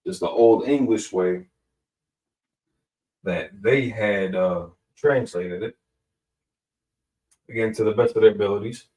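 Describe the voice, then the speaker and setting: A lowish, slightly mellow male voice belongs to a Hebrew teacher working casually through grammar. He speaks slowly, thinking aloud with fillers and catching his own errors, recorded far from the mic in a room with echo.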